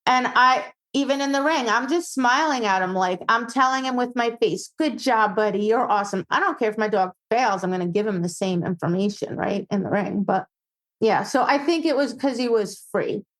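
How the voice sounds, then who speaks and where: A woman dog trainer chats as a podcast guest, her voice sitting a little higher than most. She tells stories with lots of life and slips into playful quoted voices. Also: normal speed, low-quality recording. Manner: animated storytelling, acts out quoted voices. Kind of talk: casual podcast chat.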